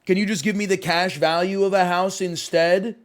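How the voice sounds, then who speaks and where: A man streaming live, chatting casually while he plays a game, rambling and often rising to loud outbursts. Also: high voice, steady tone, normal speed.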